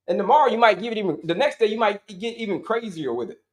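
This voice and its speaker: Male health coach, middle-aged, lively and repetitive on a live stream, higher-pitched voice, roomy echo. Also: quick pace, hardly any pauses. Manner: animated, repetitive, addresses viewers as folks and y'all. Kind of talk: live-stream teaching talk. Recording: roomy echoey sound.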